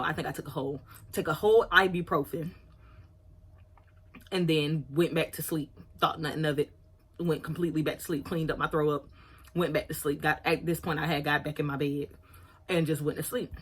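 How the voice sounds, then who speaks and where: Woman, about 30, low husky voice, candid and chatty vlog storyteller. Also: steady tone, normal speed, pauses often, a bit bright. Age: around 30. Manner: candid, chatty, apologizes for oversharing. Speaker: vlogger.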